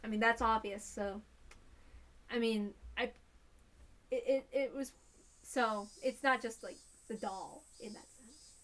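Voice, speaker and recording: Woman reading a visual novel out loud, chatty asides, high and bright. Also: steady tone, slow pace, pauses often. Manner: casual asides with fillers and restarts. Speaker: reader.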